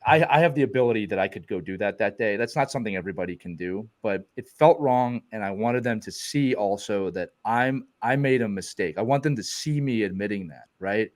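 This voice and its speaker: A middle-aged man hosting a podcast interview, talking candidly in halting bursts with repeated words. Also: lowish voice, expressive. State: emotional. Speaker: podcast host. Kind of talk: casual interview chat.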